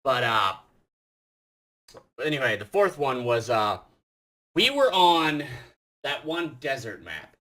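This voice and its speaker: A young man telling gaming stories in a rambling way, swearing often, correcting himself, and getting loud and laughing as he gets excited. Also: mid-range voice, takes it slowly, pauses often. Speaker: gaming vlogger. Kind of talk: casual storytelling.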